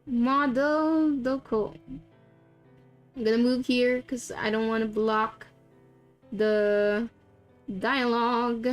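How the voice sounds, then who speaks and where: Bubbly filipina streamer, highish voice, reads the game out loud, little music in the back. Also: female voice, steady tone, takes it slowly, pauses often. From Philippines. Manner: bubbly, gasping and giggling. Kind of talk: casual game stream with narration.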